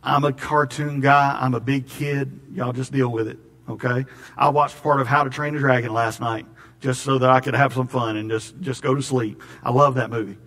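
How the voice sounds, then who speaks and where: A man's voice: medium pitch, fairly even intonation, normal speed, fairly bright tone. A man preaching a sermon in a folksy, storytelling way, often repeating words. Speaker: pastor.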